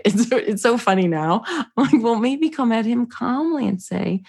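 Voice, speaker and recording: A woman co-hosting a parenting podcast, chatting casually and telling stories with animated quoted voices and frequent laughter. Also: fairly high pitch, fast talker, creaky, hardly any pauses, husky. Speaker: podcast co-host. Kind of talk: casual chat.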